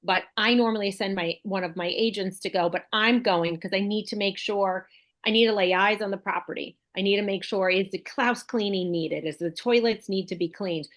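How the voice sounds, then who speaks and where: A woman's voice: medium pitch, moderate pace. A middle-aged woman real estate broker hosting a casual chat, talking in a chatty, enthusiastic way and thinking aloud. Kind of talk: casual video call chat.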